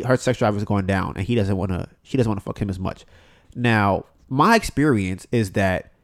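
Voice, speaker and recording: Guy hosting a podcast, blunt and sweary, regular mid voice, acts out quotes a lot. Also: mid-range voice. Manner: blunt and profane, often acting out quotes. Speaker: podcast host. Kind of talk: casual podcast chat.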